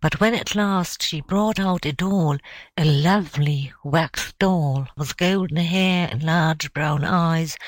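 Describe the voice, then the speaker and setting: A woman narrating an audiobook story in a measured, steady reading voice. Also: fairly low pitch, no echo. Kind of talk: scripted narration.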